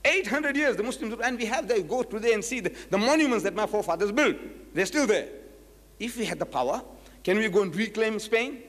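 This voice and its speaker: A man from South Africa giving a public lecture as a Muslim preacher, telling stories with acted-out dialogue and slowing down to quote scripture. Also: sits high, big-room sound. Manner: animated storytelling, acts out dialogues, slows to quote scripture.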